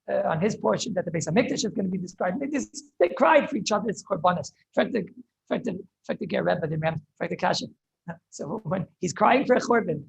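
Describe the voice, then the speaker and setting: A man, a rabbi, giving an impassioned Torah lecture over a video call, often halting and repeating words as he searches for them. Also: high-pitched, gravelly, husky, low-quality recording. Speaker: rabbi teaching a class.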